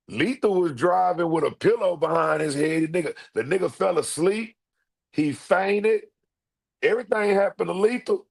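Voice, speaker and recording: A middle-aged man hosting a live stream, talking straight to his chat in an animated, repetitive way and swearing freely. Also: high voice, normal speed, gravelly, husky. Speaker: livestream host.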